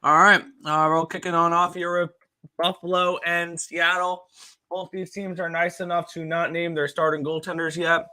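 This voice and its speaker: Bright-voiced man breaking down hockey picks. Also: fairly high pitch, level tone, normal speed, low-quality recording. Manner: matter-of-fact, rattling off player names. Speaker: sports handicapper guest. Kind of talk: sports betting analysis.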